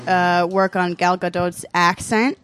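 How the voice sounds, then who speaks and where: A woman's voice: lowish voice, fairly even intonation, unhurried, a bit bright, a little hiss or hum. Wry woman podcast co-host. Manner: wry, dry critical remarks. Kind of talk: casual comedic discussion.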